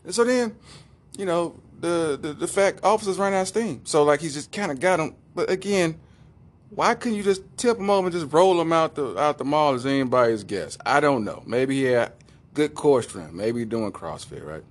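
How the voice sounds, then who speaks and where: A man's voice: a little high, lively intonation, normal speed. A man co-hosting a podcast, telling a rambling comic story and laughing often as he goes. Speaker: podcast co-host. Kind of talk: comedic storytelling.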